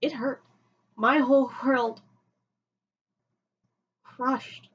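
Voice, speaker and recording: A woman telling a personal story on a vlog, emotional and halting, often restarting her sentences. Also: high-pitched, steady tone, slightly rough. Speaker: vlogger. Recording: dull lo-fi home recording.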